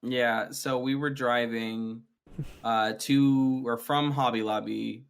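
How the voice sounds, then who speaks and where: A man's voice: medium pitch, fairly even intonation, slow, creaky, clear, resonant tone. A man co-hosting a casual podcast, telling stories in a rambling way with many fillers and frequent swearing. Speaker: podcast co-host.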